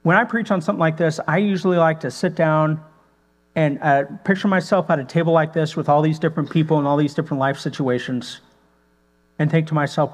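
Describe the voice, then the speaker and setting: A man's voice: fairly high pitch, fairly even intonation, a little fast. A male pastor giving a conversational teaching to preachers, thinking aloud with many rhetorical questions and fillers. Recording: long hall reverb with mains hum.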